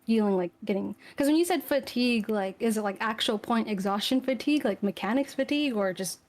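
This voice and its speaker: A chatty woman with a slightly high voice, narrating her character's actions in a casual tabletop game. She rambles through "like" and "um" as she talks and laughs easily. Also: a little fast, a little mellow. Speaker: player. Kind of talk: casual tabletop role-play.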